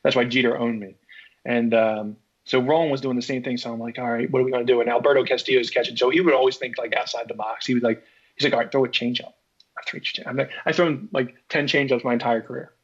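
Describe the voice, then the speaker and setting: A man from Philadelphia, a former baseball pitcher, telling a story in a casual chat and acting out his own reactions. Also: fairly even intonation, quick pace, slightly rough. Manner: acts out his own past reactions, many restarts. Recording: dull lo-fi podcast audio.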